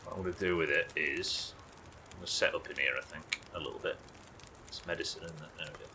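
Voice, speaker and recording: A man's voice: very deep voice, steady tone, fast talker, bright, forceful tone, a little hiss or hum. A man chatting loosely while streaming a survival game, rambling, swearing and joking at his own expense. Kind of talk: casual gameplay commentary.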